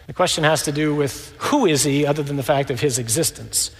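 A man preaching a sermon, lively and conversational, acting out the voices of the people in the scripture stories. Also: fairly high pitch, brisk, long reverb tail.

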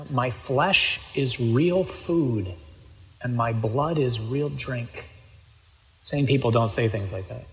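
A man preaching a sermon, reading scripture aloud and breaking off into lively, emphatic asides. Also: medium pitch, in a large hall, low-quality recording. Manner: lively, quoting scripture with sudden loud asides.

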